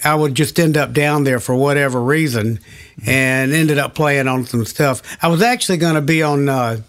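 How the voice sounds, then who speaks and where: A man's voice: mid-range voice, normal speed, a bit bright. An older man recalling past recording sessions in an oral history interview, rambling and searching for names.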